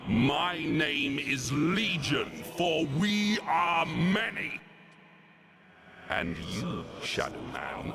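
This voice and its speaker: A man's voice: medium pitch, full character voice. An actor playing Legion, a grandiose ancient male villain who mocks and gloats, voiced in a video game cutscene. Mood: ominous. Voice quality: gravelly, theatrical and mocking. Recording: game audio with loud background noise.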